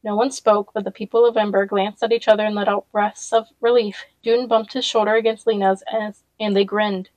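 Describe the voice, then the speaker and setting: A woman's voice: medium pitch, level tone, brisk, hardly any pauses, a little mellow, dry recording, rough recording. Woman reading a novel aloud, dry sound. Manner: reads with casual personal asides. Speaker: audiobook reader.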